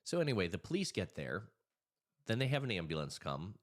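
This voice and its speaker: A man's voice: lowish voice, a little fast. A man who works as a hypnotist and anxiety coach tells a story to camera in a casual way, then gives advice, acting out the voices of people in the story. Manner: animated storyteller, acts out quoted voices.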